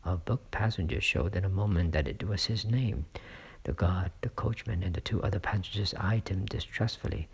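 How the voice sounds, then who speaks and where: A man reading a classic novel aloud as a narrator, in a hushed storytelling manner. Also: sits low, moderate pace, gravelly, husky. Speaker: audiobook reader. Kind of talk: scripted narration.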